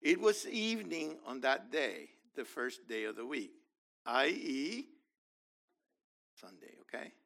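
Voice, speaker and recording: A man's voice: mid-range voice, very animated, slow pace, vocal fry, long pauses, a bit bright. A man teaching from the Bible, reading verses aloud and explaining them with enthusiasm.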